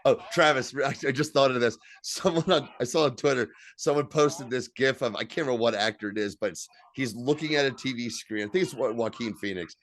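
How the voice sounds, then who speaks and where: A man's voice: mid-range voice, fairly quick, hardly any pauses, fairly bright tone. Laughing, swearing man in casual chat. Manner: joking, swears freely, laughs often. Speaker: co-host.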